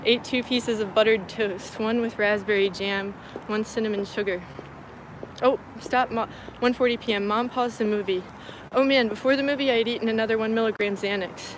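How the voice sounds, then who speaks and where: A woman on a live stream, reading her diary entries aloud in a flat, deadpan way with casual asides. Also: a little high, a little hiss or hum, rough recording. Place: moving between venues and a car.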